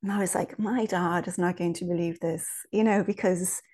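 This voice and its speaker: A woman's voice: lowish voice, steady tone, normal speed, darkish tone. A woman from Ireland, a guest in a casual interview, telling stories in a chatty way with many restarts and asides.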